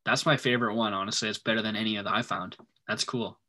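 A young man co-hosting a casual movie podcast, reading quotes aloud with big swings in loudness. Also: fairly low pitch, fairly even intonation, fast talker.

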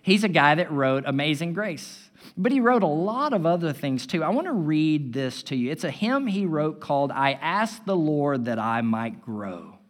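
A man preaching a sermon as pastor, building loud and emphatic and then dropping to a hushed tone. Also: on the high side, sing-song, normal speed, hardly any pauses. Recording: long hall reverb.

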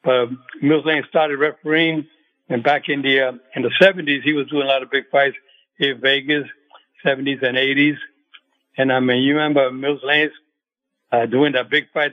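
A man's voice: medium pitch, level tone. Older man on a tinny phone line. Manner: halting, many fillers and restarts. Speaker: retired boxing referee, guest. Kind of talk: phone-in radio interview.

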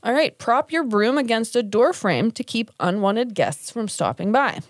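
A woman's voice: on the high side, expressive, moderate pace, dry recording. Tired woman podcast host, chatty and laughy, swears a lot, dry close mic. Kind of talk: casual chat.

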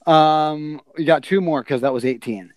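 A man hosting a trivia podcast, reading questions slowly with halting pauses and frequent laughs. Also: fairly high pitch, a little mellow, no room sound. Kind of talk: casual podcast quiz hosting.

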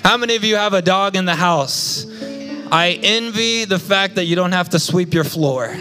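A young man preaches in church with a high, bright, ringing voice. He tells personal stories with energy and keeps calling out to the congregation for a response. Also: normal speed, faint music behind. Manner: lively storytelling with congregation call-outs. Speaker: pastor. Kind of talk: sermon.

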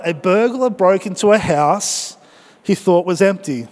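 Pastor guy preaching, high voice, upbeat and jokey, long church echo. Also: moderate pace. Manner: energetic, joking, exhorting the congregation. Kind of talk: sermon.

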